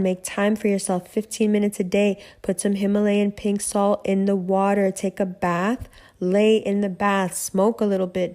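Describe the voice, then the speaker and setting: A woman's voice: mid-range voice, warm tone. A woman hosting a casual monologue, giving emphatic, profane and preachy advice straight to the listener. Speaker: podcast host, spiritual reader.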